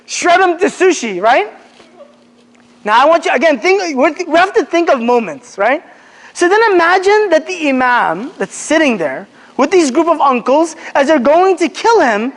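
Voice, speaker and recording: A man giving a casual religious lesson to young people, telling animated stories, acting out quotes and restarting his sentences often. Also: very high voice, normal speed. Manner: animated storyteller, acts out quotes, many fillers and restarts. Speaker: Islamic teacher. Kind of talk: casual religious lecture to a youth group. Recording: long hall reverb.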